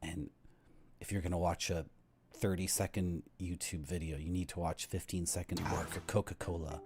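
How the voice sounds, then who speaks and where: A man's voice: low voice, moderate pace. A man streaming a game, ranting casually and reading the game's text aloud. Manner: ranting, lively.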